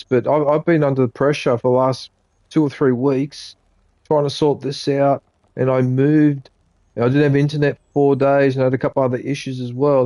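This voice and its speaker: A man's voice: medium pitch, warm tone, no room sound. Rambling Australian man streaming a game. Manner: rambling, chatty, talks to viewers between game remarks. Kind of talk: casual live-stream chat while gaming.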